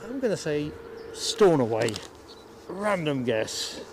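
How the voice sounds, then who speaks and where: A man's voice: a little high, big pitch swings, takes it slowly, darkish tone, slight background noise. A man from the United Kingdom hosting a live stream outdoors at an airport, chatting casually, laughing easily and greeting viewers by name.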